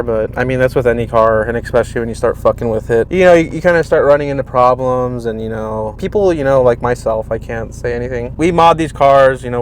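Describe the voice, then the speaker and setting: A man's voice: mid-range voice, a little hiss or hum. Rambling, profane young guy vlogging cars. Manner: loose, rambling and profane, with lots of "you know". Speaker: car vlogger. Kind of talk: casual garage vlog.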